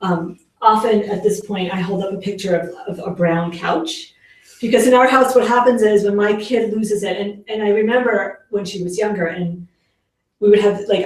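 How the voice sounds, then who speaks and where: Speaking to parents at an informal workshop, a parenting educator uses a medium-pitched, slightly mellow voice. She's talkative, leans on fillers, and dramatizes the lines she quotes. The room is very echoey and the microphone is far off.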